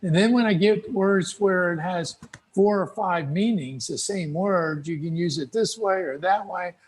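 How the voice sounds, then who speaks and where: A middle-aged American man giving folksy, relaxed advice to English learners over a video call. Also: sits high, measured pace, breathy edge. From United States. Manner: relaxed, folksy, acts out little dialogues. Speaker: guest speaker.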